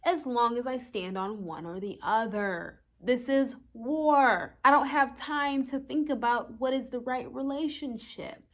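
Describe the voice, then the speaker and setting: A woman's voice: high-pitched, very animated, slow, exaggerated voice. A woman acting as brash, swearing war energy. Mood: defiant. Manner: loud, swearing, dismissive. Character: brash hot-headed personified war energy, female.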